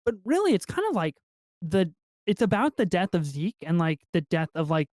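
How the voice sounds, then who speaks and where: A man co-hosting a podcast in casual film review chat, excitable and swearing freely as he acts out movie lines. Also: high voice, moderate pace, dry recording, studio quality. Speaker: podcast co-host.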